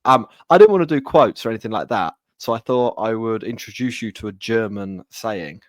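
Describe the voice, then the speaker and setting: Animated man with a lively voice. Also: fairly low pitch, brisk, dry recording, studio quality. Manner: animated, sweary, stumbling restarts. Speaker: podcast co-host. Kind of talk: casual chat.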